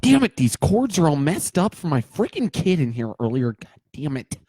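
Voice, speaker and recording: A man's voice: on the high side, very animated, normal speed, warm tone, breathy edge, no echo. A man in his thirties hosting a casual livestream, rambling and joking while greeting viewers by name. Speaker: livestream host.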